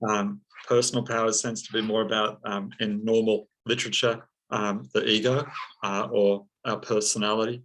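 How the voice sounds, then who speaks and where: A man speaking as an interview guest, slow and reflective, with many pauses and fillers. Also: fairly low pitch, flat delivery, fairly bright tone, a little hiss or hum, low-quality recording. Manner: slow, thoughtful, many ums and uhs. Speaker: psychologist and counseling teacher, guest.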